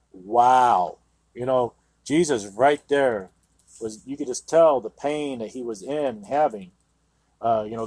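On a Christian radio program, a man who teaches the Bible reads scripture aloud and then offers sermon commentary. He sounds earnest and emphatic, frequently saying "you know," in a medium-pitched, slightly mellow voice with no echo.

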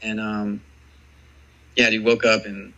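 A man in his forties, a former baseball player, telling rambling, animated stories in a casual interview. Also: on the low side, takes it slowly, lo-fi sound. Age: 40s. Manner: rambling, animated storytelling full of "dude" and "man".

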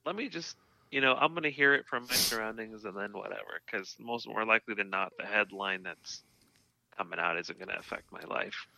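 A man's voice: on the low side, brisk, vocal fry, pushed and bright, no room sound, low-quality recording. A man co-hosting a casual chat, blunt and swearing casually.

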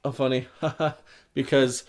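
A man's voice: mid-range voice, level tone. A young man co-hosting a podcast, chatting playfully and reading a comic aloud. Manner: playful, reads lines with quick put-on voices. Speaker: podcast co-host.

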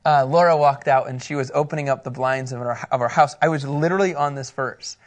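A man teaching scripture to a live group in a casual, playful way, with quick asides and frequent laughter. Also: mid-range voice. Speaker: pastor teaching a Bible study.

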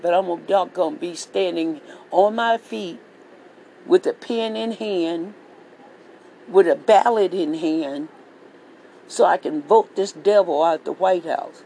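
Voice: mid-range voice, gravelly, warm tone, a little hiss or hum, low-quality recording. A vlogger delivering a heated political rant monologue, swearing freely and repeating phrases for emphasis. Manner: profane, repetitive, heated ranting.

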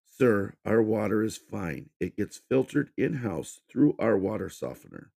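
A man's voice: lowish voice, lively intonation, unhurried, gravelly, dark tone, voice pushed up, exaggerated voice. A man doing a polite waitress. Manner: polite, apologetic.

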